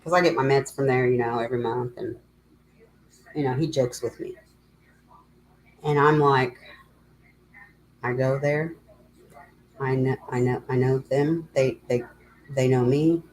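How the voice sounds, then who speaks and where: A middle-aged woman with a notably low voice hosts a casual livestream, rambling and emotional as she tells her story. She breaks off now and then to greet viewers by name. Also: fairly even intonation, a little slow, long pauses, a little mellow, a little hiss or hum, poor audio. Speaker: livestream host.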